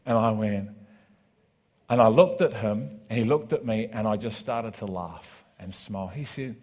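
A male preacher tells a personal testimony in a sermon. He swings from quiet, close narration to loud, emphatic declarations, acting out the voices of the people in his story. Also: lowish voice, moderate pace. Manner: animated storytelling with acted quotes, rising to loud emphatic preaching.

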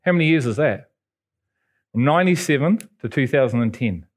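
A man from England, preaching a sermon and telling stories with sudden high jumps in pitch. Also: expressive, fairly quick, slightly rough. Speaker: pastor.

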